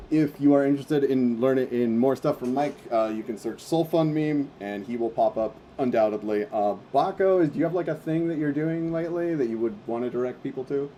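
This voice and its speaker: A man with a medium-pitched, dark-toned voice hosts a casual livestream meetup, and there's a little hiss or hum in the recording. He wraps up the chat in a loose, rambling way, using lots of fillers and slang.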